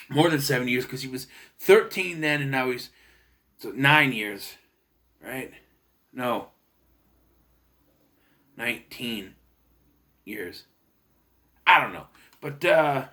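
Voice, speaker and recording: In a mid-range voice with a sharp edge, a young man talks through a film in an informal, meandering review. He seems uncertain, often starting over and fixing what he just said.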